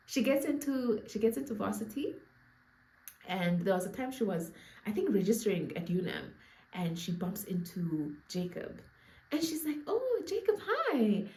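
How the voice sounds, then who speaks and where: A young woman with a Namibian accent, her voice fairly high and sing-song at a normal speed, tells a storytime to her viewers in an echoey room. She's a storyteller vlogger keeping it casual, playful and laughing as she tosses asides to her audience.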